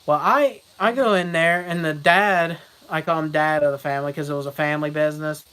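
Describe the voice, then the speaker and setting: Young guy rambling through stories on his vlog, bright voice, laughs a lot. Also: a little high, fairly even intonation, fairly quick, clear, resonant tone, low-quality recording. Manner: rambling, laughs often, breaks into loud mocking voices. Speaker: vlogger. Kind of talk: casual storytelling vlog.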